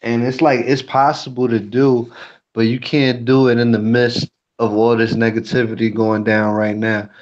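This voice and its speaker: A man's voice: mid-range voice, level tone, moderate pace, darkish tone, lo-fi sound. A man talking frankly in a casual chat as a YouTuber and co-host, cursing freely. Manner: blunt, frank, curses freely.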